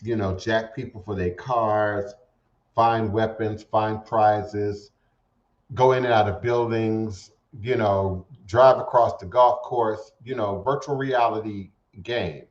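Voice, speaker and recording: Low-voiced man rambling on internet radio. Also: steady tone. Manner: rambling, halting with repeated words. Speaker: radio show host. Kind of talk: casual spiritual talk show monologue. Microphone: home setup streamed to internet radio. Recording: roomy, dull lo-fi internet radio audio.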